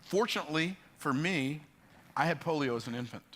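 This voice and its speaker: A man telling life stories in an emphatic, preacher-like motivational talk, building up and jumping into sudden high bursts. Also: expressive, a little fast, a bit bright. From United States. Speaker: motivational speaker.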